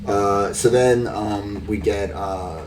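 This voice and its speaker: A man's voice: lowish voice, fairly even intonation, slow, distant mic, noisy background. A man hosting a podcast, recapping the week's wrestling in a rambling, wry way full of fillers. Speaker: podcast host.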